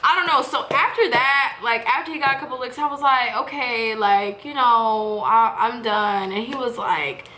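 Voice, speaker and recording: Young woman, 20s, candid and profane vlogger, bright tense voice, roomy echo. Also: fairly high pitch, moderate pace, hardly any pauses, a little hiss or hum. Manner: candid, profane, animated retelling. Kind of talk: casual storytime chat.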